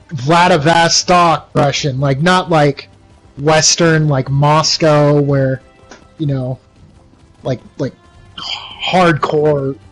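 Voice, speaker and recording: A man's voice: a little high, steady tone, very slow, pauses often, soft background music, low-quality recording. A young man from the United States chatting casually while livestreaming a game, rambling with many fillers and restarts. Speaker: livestreaming gamer.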